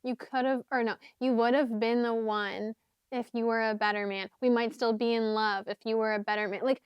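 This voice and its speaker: A young woman chats through her book picks in a loose, rambling way, full of "like"s and fillers, now and then half-singing a lyric. Her voice sits a little high and sounds smooth and clear. The sound is dry and close, with no room around it. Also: fairly even intonation, a little fast, no room sound, lo-fi sound. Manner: chatty, rambling, many fillers and "like"s. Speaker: book vlogger. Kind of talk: casual chat.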